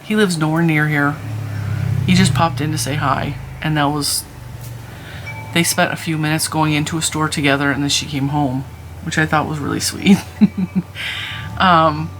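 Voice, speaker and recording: Bright-voiced woman in candid vlog chat. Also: deep voice, steady tone, normal speed, long pauses, slight background noise. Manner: candid, rambling storytelling. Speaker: crafting channel host.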